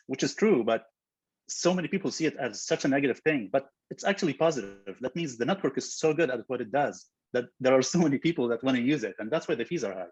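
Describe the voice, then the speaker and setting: A man, a software co-founder, talking in a casual interview, thoughtful and full of fillers and restarts. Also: medium pitch, husky, no room sound, lo-fi sound.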